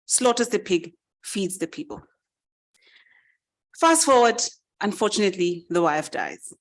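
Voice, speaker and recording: Lively woman telling a fable. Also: mid-range voice. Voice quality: lively, animated narration. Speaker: summit speaker. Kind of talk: storytelling speech.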